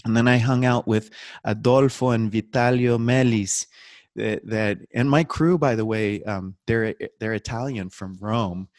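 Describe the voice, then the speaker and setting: Lively storytelling man with a low voice. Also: measured pace, no echo, studio quality. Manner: animated storyteller, jokes and laughs, acts out quotes. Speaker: podcast guest, documentary filmmaker. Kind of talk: casual storytelling interview.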